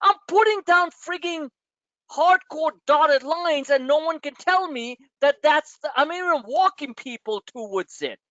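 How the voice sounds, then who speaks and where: This trading webinar host from New York lectures his students in a blunt, profane, exasperated live rant. He speaks at a measured pace in a very high, pushed, bright voice with lively intonation. The recording sounds dull, dry and low-fidelity.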